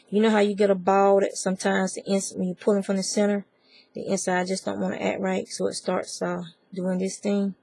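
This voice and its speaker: Southern lady w a husky gravelly voice, rambling crochet how-to, calls everyone y'all. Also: medium pitch, completely flat delivery, a little fast, darkish tone. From American South. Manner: chatty, digressive, talks to viewers as y'all. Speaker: crochet tutorial maker. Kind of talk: casual crafting tutorial.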